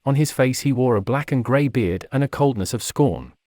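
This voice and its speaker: A man narrates a fantasy tale in a steady, measured reading voice. His pitch sits in the middle, and the recording is dry and close. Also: no echo. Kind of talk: storybook narration.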